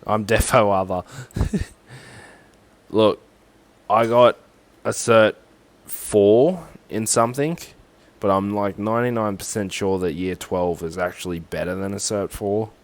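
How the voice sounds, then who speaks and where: A man's voice: on the low side, measured pace, no echo. A young Australian man with an Australian accent, rambling sarcastically and swearing as he talks through a form on a casual livestream.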